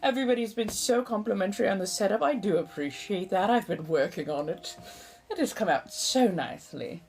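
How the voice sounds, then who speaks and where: With a medium-pitched, darkish voice, lively intonation and a fairly quick pace, this forty-something livestream host chatters away. She adopts a put-on vintage American accent, gets theatrical and flowery, and keeps calling her viewers darling.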